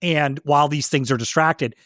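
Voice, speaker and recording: High-voiced man chatting, laughing easily. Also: normal speed, fairly bright tone, no echo, clean studio sound. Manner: easygoing, laughs often, hesitant restarts. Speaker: podcast co-host. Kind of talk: casual film discussion.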